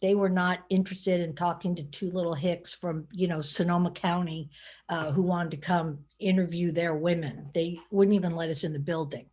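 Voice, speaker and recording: Low-voiced woman telling a story. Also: a little mellow. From California. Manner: conversational, vivid anecdotes with many fillers. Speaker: guest speaker, author. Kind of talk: storytelling talk.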